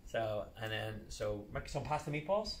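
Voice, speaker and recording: A man's voice: mid-range voice, lively intonation, normal speed, reverberant, slight background noise. A man leading a live children's PE class, giving playful step-by-step exercise cues. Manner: upbeat, playful, step-by-step cueing. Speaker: children's PE coach. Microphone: camera set back across the room.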